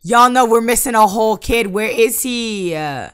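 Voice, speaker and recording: A woman giving casual Let's Play commentary, exasperated and bursting into loud outbursts at the game. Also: fairly high pitch, expressive, moderate pace, smooth. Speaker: gaming YouTuber.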